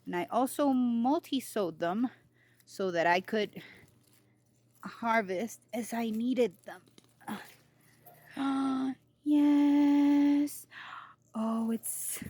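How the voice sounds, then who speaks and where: A woman's voice: medium pitch, no room sound. A woman giving a casual garden tour in her vlog, giddy and giggly, outdoors in her home garden. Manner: giddy, giggly, over-excited. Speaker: gardening vlogger.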